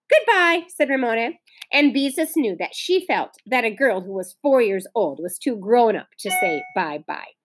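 A middle-aged woman teacher reading a children's novel aloud to her class, telling the story in an expressive, clear way. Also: a little high, no echo.

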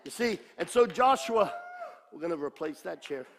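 A man in his sixties preaching a sermon, swinging between impassioned shouting and low, quiet speech with a repetitive, emphatic cadence. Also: animated, moderate pace, noisy background. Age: 60s. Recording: long reverb of a large hall.

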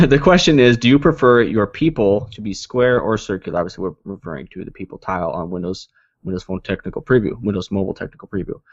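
A man's voice: on the low side, fast talker. Rambling man co-hosting a tech podcast. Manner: rambling, self-correcting, joking. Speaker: podcast co-host. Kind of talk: casual tech podcast chat. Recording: dull lo-fi dry sound.

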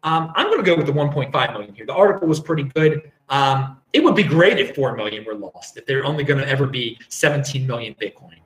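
A man's voice: medium pitch, expressive, fast talker, few pauses, fairly bright tone, echoey room, poor audio. A man hosting a casual livestream, reading viewer comments and rambling, often chuckling and breaking off mid-sentence. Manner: rambling, chuckling, self-interrupting. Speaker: livestream host.

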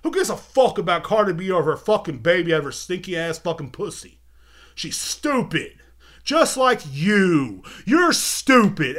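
A man's voice: high voice, fairly bright tone. A young man hosting a podcast, ranting heatedly and repeating himself with constant swearing. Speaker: podcast host. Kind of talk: profane rant. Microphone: video podcast mic.

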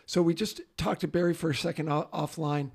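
A man's voice: a little high, flat delivery, brisk, vocal fry, a little mellow, breathy edge, no echo, clean studio sound. A man co-hosting a music podcast, chatting casually, telling stories and laughing often. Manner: laughing, storytelling. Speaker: podcast co-host. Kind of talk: casual chat.

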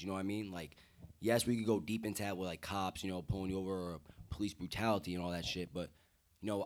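Laid-back young man, low voice. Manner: laid-back slangy talk, many fillers. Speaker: podcast guest. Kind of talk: casual podcast chat. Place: table indoors with drinks.

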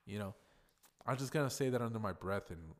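A man's voice: medium pitch, lively intonation, quick pace, heavy background noise. A man hosting a podcast, talking alone in a blunt, profane, conversational way. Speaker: podcast host. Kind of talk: casual solo podcast monologue. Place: workplace in a hotel lobby.

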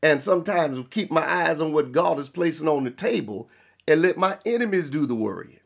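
A man's voice: on the high side, expressive, normal speed, creaky. A man preaching a sermon, with a Black church cadence, repeating phrases and firing rhetorical questions at his listeners.

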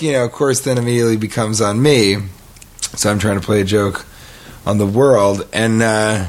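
A man's voice: on the low side, brisk. Rambling male comic telling a story. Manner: rambling, animated, acts out quotes. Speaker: podcast host. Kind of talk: casual comedic storytelling.

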